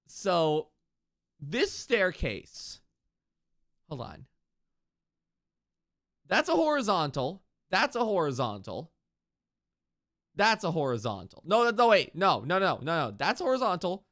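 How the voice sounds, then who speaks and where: Guy streaming a game, talks slow but his pitch jumps all over, keeps repeating stuff. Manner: thinks aloud, repeats himself, excited outbursts. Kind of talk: live gameplay commentary.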